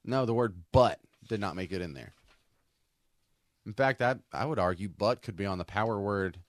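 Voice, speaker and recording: A man's voice: lowish voice, normal speed, dry recording, clean studio sound. A man co-hosting a casual talk show, rambling and often restarting his sentences. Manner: rambling, self-interrupting with restarts. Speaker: co-host.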